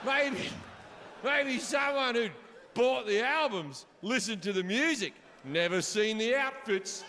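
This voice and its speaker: A man doing stand-up storytelling, swearing freely and shouting his punchlines, recorded live on a theater stage. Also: extremely high pitch, takes it slowly, noisy background. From Australia. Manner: profane, animated, shouts punchlines. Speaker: stand-up comedian. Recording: live hall reverb, audience ambience.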